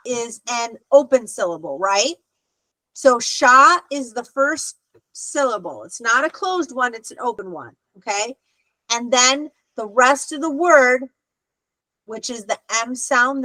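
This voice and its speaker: A woman's voice: high-pitched, sharp tone, no echo, poor audio. Patient woman teaching an online class. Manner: patient, explanatory, with frequent "okay" check-ins. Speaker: Hebrew teacher. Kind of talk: online adult class instruction.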